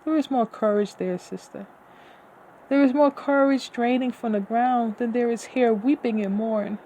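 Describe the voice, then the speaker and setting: A woman voicing a consoling woman warrior in formal, archaic speech, with a gravelly edge. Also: on the high side, normal speed, mellow, slight background noise, pitched above the performer's own voice, lightly acted, rough recording. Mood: calm reassuring.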